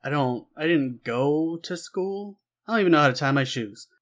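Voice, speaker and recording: A man's voice: a little high, expressive, normal speed, lightly acted. A small streetwise young man talks bluntly and swears , played by a man near his own voice. He is impatient and a little naive.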